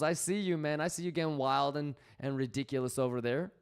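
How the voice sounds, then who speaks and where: A man's voice: mid-range voice, fairly quick, hardly any pauses, clear, resonant tone. A man hosting a casual trading livestream, slangy and swearing freely as he reads out chat messages.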